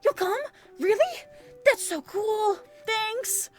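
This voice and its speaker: A woman voicing an eager, lonely male troll with a buzzy accent, over-apologetic and quick to sulk, as she reads a visual novel aloud. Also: high voice, sing-song, faint music behind. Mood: thrilled. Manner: over-apologetic, gushing, then sulky.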